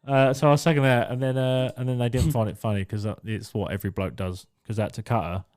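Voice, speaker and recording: A man's voice: medium pitch, steady tone, fast talker, a little mellow. A young man on a podcast, telling a story in casual chat, swearing freely and acting out what people said. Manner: swearing, storytelling, acts out quotes. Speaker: podcast co-host.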